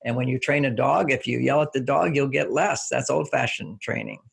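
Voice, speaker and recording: Gravelly, husky older man explaining. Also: mid-range voice, normal speed. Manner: relaxed, anecdotal, repeats key phrases. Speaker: relationship author as guest. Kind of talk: explanatory interview talk.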